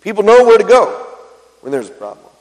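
High-voiced man preaching in a hall. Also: wildly swooping pitch, a little fast, darkish tone. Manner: conversational preaching with frequent questions to the congregation. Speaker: pastor. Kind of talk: sermon.

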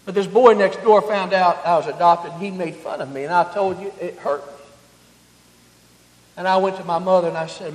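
A high-pitched man preaching a sermon in a church sanctuary, his voice ringing out with a long reverb tail. He swells into loud, emphatic scripture readings and then drops to soft, intimate asides. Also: fairly quick.

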